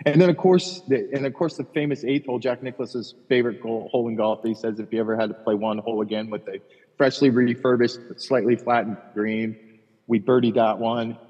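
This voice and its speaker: Husky-voiced male podcast co-host, lively crude golf anecdotes, long reverb, dull lo-fi sound. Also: mid-range voice, fairly quick. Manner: animated storyteller, profane. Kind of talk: casual golf chat. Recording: dull, roomy with long echo.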